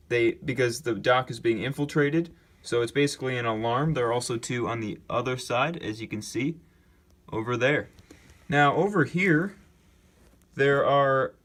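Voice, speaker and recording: A man's voice: mid-range voice, a bit bright. A young man casually showing off his LEGO build to his viewers, talking it through with fillers and self-corrections. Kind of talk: casual show-and-tell narration.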